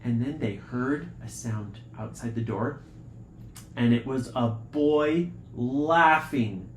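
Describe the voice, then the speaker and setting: A man telling an improvised bedtime adventure story to children, jumping into voices for the characters. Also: slow. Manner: animated, jumps into high voices for characters. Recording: echoey room, faint hiss.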